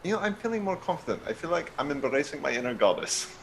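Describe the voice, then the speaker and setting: Man, tabletop player, lively pitch, joking, self-deprecating, faint background noise. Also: quick pace, creaky. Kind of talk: casual tabletop game chat.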